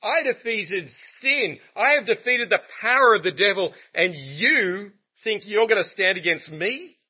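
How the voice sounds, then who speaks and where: A man preaching, acting out Jesus as a commanding, unshakable divine king in slow, emphatic declarations. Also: high voice, expressive, slightly rough, voice pushed up, heavily acted. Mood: triumphant. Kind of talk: acted quote within a sermon. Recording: muffled lo-fi recording.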